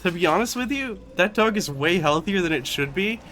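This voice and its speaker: A man's voice: high voice, lively intonation, fairly quick, a bit bright, a little hiss or hum. A man streaming a video game, chatting casually in rambling, giggly stories full of swearing. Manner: rambling, giggly, profane storytelling. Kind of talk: casual gameplay commentary.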